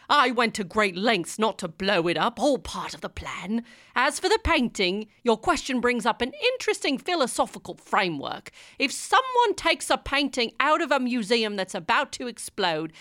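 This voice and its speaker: A cheeky, dashing gentleman thief with a British-sounding accent, as a woman acts him out in a comic audio drama. His lively voice bounces up and down as he chatters breezily in slang. The sound is dry and close. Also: on the high side, no room sound. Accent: British-sounding put-on accent. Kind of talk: comedic audio drama acting.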